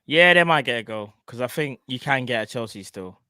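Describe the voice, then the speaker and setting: A man, co-hosting a casual football chat over a video call, animated and slangy. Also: mid-range voice, a little fast, clean tone, no echo. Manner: animated, slangy, repeats himself. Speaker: podcast co-host.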